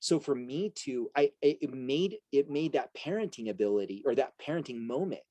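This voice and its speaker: A man's voice: medium pitch, animated, a little fast, mellow, no room sound, dull audio. A middle-aged man giving an earnest motivational talk to an audience as a coach and host, often asking rhetorical questions. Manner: earnest, rhetorical questions, frequent "right?" asides.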